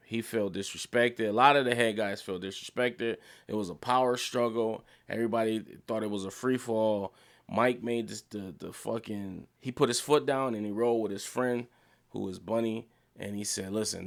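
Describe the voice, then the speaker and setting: Young guy doing a hyped show review, gravelly and low, swears a lot, voice shoots way up when he gets excited. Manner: excited, loose and profane, jumps pitch when worked up. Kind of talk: casual video review.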